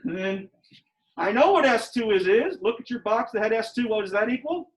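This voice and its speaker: A man teaching a geometry class. He talks in an animated, joking way and rises to near-shouting at times. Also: high voice, a little fast. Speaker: high school geometry teacher. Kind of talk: classroom lecture.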